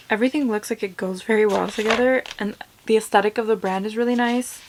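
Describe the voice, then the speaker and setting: A young woman reviewing makeup in a casual vlog, chatty and gushing, full of "like", sometimes dropping to soft asides. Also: medium pitch, slight background noise. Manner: chatty and effusive, lots of "like", drops to soft asides. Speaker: beauty vlogger.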